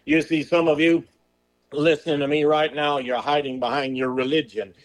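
A male preacher giving a sermon, firing off rhetorical questions in a folksy way of talking and slowing to a drawl on scripture. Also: fairly high pitch, level tone. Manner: slows and drawls on scripture quotes; folksy turns of phrase.

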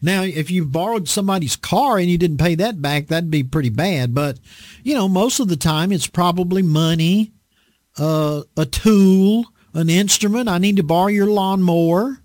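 Folksy preacher guy, lively up-and-down voice, really leans on his points. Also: sits high, normal speed, no room sound, studio quality. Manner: folksy, emphatic, repeats phrases for effect. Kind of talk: conversational sermon.

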